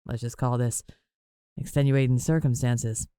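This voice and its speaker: A woman playing a low-voiced teasing young suitor. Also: fairly even intonation, moderate pace, warm tone, clean tone, dry recording, clean studio sound. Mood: tender. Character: young man, teasing, tender love interest.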